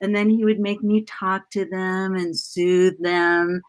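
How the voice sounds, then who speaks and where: A woman's voice: medium pitch, fairly even intonation, slow pace, smooth. A woman talks over a video call, her voice gushing and emotional. She rambles from one thought to the next in a loose, casual way. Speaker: letter writer for the show and actress.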